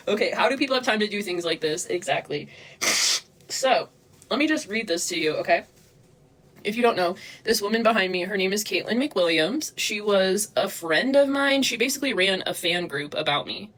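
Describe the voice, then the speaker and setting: A young woman livestreaming, talking fast and agitated, swearing and replying to chat comments. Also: on the low side, animated, a bit bright. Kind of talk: livestream rant.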